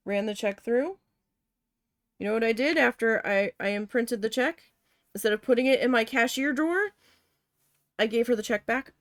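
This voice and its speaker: A woman's voice: fairly high pitch, moderate pace, pauses often, no echo, studio quality. A woman chatting casually while she paints, telling a long, candid, profane story with rambling self-corrections. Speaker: art vlogger recalling a retail cashier job.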